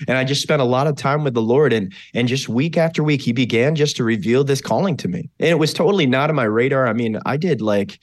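An earnest man from western New York tells his own story as a podcast guest. He is a pastor, and his telling is animated and heartfelt, full of fillers and restarts. His voice sits at an ordinary pitch for a man. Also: fast talker, hardly any pauses. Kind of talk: personal testimony storytelling.

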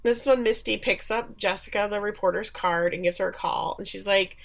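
A woman's voice: mid-range voice, a little fast, creaky. A woman co-hosting a podcast, chattily recapping a TV episode and acting out the characters' lines. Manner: chatty, opinionated, acts out quoted lines. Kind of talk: casual recap chat.

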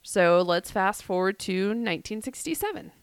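Laughing through a jokey retelling, a woman co-hosting a podcast shares a wild story and acts out quoted voices in casual storytelling chat. Her mid-range voice is animated, clear, and resonant, at a moderate pace. There's no echo.

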